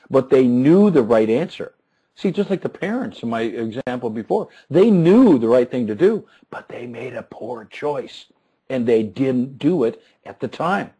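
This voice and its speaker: A man in his fifties, a success coach, telling an animated story in an interview, chuckling and often restarting his words. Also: medium pitch, breathy edge, poor audio.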